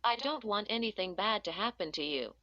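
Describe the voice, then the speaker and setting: Mysterious boy caller, soft and insistent, read by a woman narrator; bright tone, dry lo-fi sound. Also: medium pitch, expressive, a little fast, no room sound. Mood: eerie calm. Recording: dull lo-fi dry recording.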